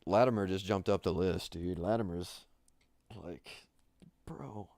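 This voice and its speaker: A man's voice: low voice, a little slow, no room sound. Rambling laid-back man commenting on a stream. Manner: excitable, rambling, lots of fillers and laughs. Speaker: livestream host. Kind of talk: casual livestream commentary.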